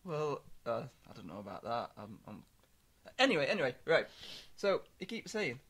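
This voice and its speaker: A man on a comedy podcast, rambling through deadpan anecdotes with stammered restarts. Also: mid-range voice, normal speed, breathy edge. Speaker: podcast co-host. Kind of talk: comic storytelling chat.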